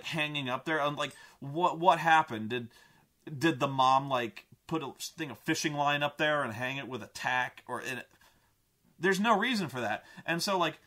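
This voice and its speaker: A high, bright-voiced man rants about a film in a casual vlog. He is exasperated and swears freely, and he rambles through restarts and filler words. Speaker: vlogger, film reviewer. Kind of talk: casual rant.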